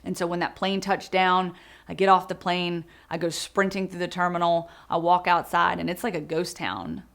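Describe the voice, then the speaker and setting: A woman's voice: fairly low pitch, normal speed, vocal fry, a bit bright. A woman in her thirties, an interviewee in a family documentary, vividly recounting a tragedy in the present tense. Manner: vivid storytelling, reliving the moment in present tense. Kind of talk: emotional first-person recounting.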